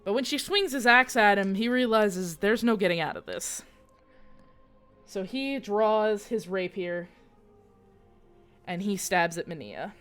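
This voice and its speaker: A woman's voice: mid-range voice, lively intonation, measured pace, pauses often, fairly bright tone, clean tone, soft background music. Casual woman game master narrating. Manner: casual, swears freely.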